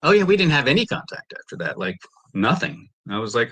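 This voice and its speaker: A man's voice: medium pitch, big pitch swings, brisk, a bit bright, breathy edge. A man testifying in a courtroom, emphatically recounting a dispute and re-enacting the exchanges.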